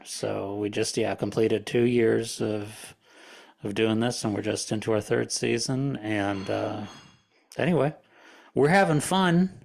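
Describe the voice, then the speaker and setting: A man with a lowish, gravelly voice who speaks slowly and haltingly, often pausing and restarting. He co-hosts a casual talk about scripture readings. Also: a little mellow. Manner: halting, with frequent fillers and restarts. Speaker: podcast co-host. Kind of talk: casual religious discussion.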